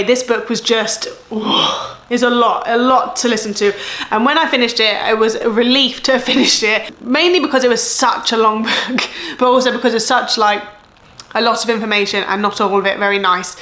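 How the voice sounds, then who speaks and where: English lady in her 30s rambling about books, bit high-pitched, echoey room. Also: a bit bright. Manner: chatty, rambling, with self-corrections and laughs. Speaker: book vlogger. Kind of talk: casual chat.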